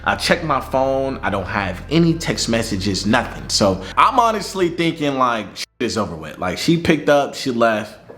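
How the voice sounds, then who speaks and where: A young man telling a personal story in a casual vlog, animated, slangy and profane. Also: mid-range voice, normal speed.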